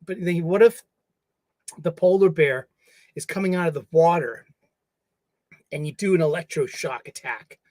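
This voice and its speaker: A man's voice: on the high side, normal speed, long pauses, darkish tone, no echo. Playful man hosting a livestream, dry sound. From United States. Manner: playful, jokey, talks to stuffed animals. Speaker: livestream host. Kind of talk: casual solo livestream chat. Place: home studio.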